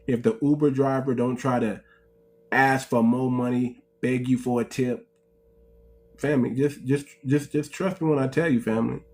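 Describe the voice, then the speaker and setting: This American man hosts a casual livestream, preaching to his viewers, addressing them as "family" and posing rhetorical questions. His voice is mid-range and a little mellow.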